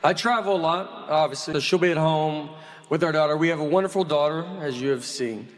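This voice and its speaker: A man's voice: fairly high pitch, fairly quick. A man doing stand-up comedy, chatty and self-deprecating as he talks about his family.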